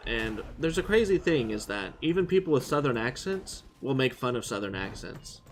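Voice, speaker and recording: A man's voice: mid-range voice, sing-song, moderate pace, a little hiss or hum. A man streaming a video game, chatting casually and rambling as he thinks aloud. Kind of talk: casual live-stream chat.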